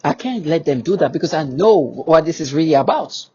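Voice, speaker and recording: A man's voice: on the high side, expressive, brisk, darkish tone, husky, highs cut off. A man speaking in an agitated monologue to camera. He talks emphatically and repeats himself, with many restarts and rhetorical questions. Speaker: vlogger.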